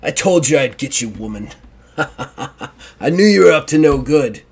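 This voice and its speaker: A gloating guard captain out to settle an old score, as a man plays him. He taunts his prisoners with menace at an ordinary middle pitch. It is a game master's tabletop voice. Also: animated, a little slow, creaky, breathy edge, full character voice. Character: gloating male town guard leader, vindictive.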